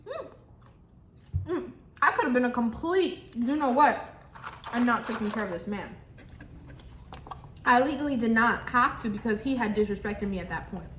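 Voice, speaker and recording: A high, bright young woman telling a story on her vlog between bites of food, animated and chatty. Her voice rings in an echoey room with faint background noise. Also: normal speed, long pauses. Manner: animated, talks while chewing, acts out the customer exchange. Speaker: vlogger. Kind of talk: casual storytime while eating.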